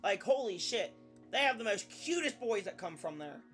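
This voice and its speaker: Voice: mid-range voice, big pitch swings, moderate pace, a bit bright, soft background music. A young adult VTuber chatting casually on a live stream, rambling, often restarting sentences and swearing now and then.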